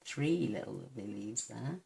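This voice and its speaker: Soft-spoken woman with a gravelly voice. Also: a bass voice, lively intonation, moderate pace. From United Kingdom. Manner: soft-spoken, mumbles to herself, gushing. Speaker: card-making demonstrator. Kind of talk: crafting tutorial.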